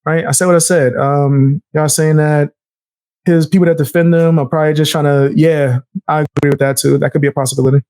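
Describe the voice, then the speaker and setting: Young NY-accent man, blunt and heated live commentary, higher voice, dry close sound. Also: steady tone, fairly quick, a little mellow, no echo. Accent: New York. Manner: blunt, heated, laughs often, swears. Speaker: streamer reacting to clips. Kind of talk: casual live-stream commentary.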